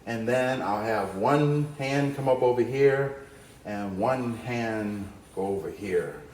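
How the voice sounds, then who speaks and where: A man's voice: mid-range voice, slow, darkish tone, roomy sound, a little hiss or hum. A man teaching a cartoon drawing lesson, upbeat and playful as he talks through each stroke. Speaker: art teacher.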